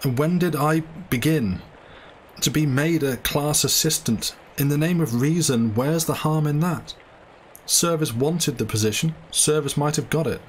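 A man reading aloud puts on a terrified young student, his voice lifted higher and pushed louder than the narration. He pleads and protests in raw anguish, with a faint hum of ambience behind him. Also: a little slow, natural voice. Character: frightened young male medical student.

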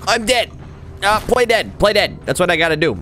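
A young man hosting a let's play, giving excitable, slangy commentary with yelps of surprise. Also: sits high, normal speed, noisy background. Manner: excitable, yelping reactions, slangy. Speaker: gaming channel host. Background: loud game audio, music and gunfire.

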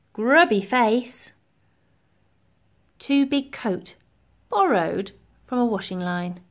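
A woman reading a children's storybook aloud, telling it in an expressive, lively way. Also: on the high side. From England. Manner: lively, expressive storytelling with slow deliberate pacing. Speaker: reader.

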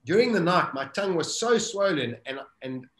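A man's voice: high voice, normal speed, echoey room. A middle-aged South African man vividly retelling a survival story as an interview guest. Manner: vivid, animated retelling with acted-out self-talk.

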